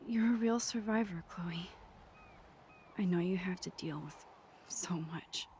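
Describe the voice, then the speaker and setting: An actress voicing a shy, earnest teenage girl photographer in a video game, soft-spoken and hesitant. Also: lowish voice, measured pace, a little hiss or hum, close to an everyday voice.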